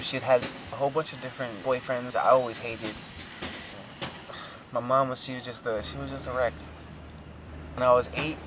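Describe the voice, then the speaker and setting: A man in his twenties telling his hard life story, halting and repeating himself, his voice breaking with emotion. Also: mid-range voice, background noise. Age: 20s. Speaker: documentary subject. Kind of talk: emotional personal testimony.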